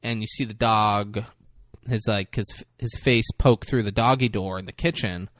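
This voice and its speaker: A man's voice: on the low side, normal speed, dry recording, clean studio sound. Profane storytelling young man. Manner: profane, animated storytelling with acted quotes. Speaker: podcast co-host. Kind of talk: casual movie recap.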